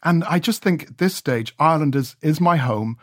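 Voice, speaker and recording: A man's voice: on the high side, animated, moderate pace, no room sound. A man being interviewed in a radio studio, chatting in a rambling way with many restarts. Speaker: radio reporter.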